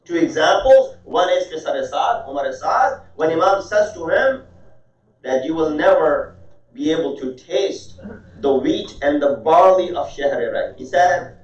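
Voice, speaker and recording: A man's voice: on the high side, animated, measured pace. A man giving a sermon, telling a story animatedly with rising emphasis and mixing in Arabic and Urdu religious terms. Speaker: preacher. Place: mosque hall. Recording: echoey hall, distant mic, dull sound.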